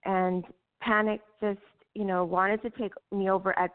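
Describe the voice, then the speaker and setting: A middle-aged woman with a drawl recounts a personal story in a halting way, circling back with "you know" and restarting her sentences. Her voice sits at an ordinary middle pitch for a woman. It comes through thin and tinny, like a phone line. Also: level tone. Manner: halting, many fillers and restarts.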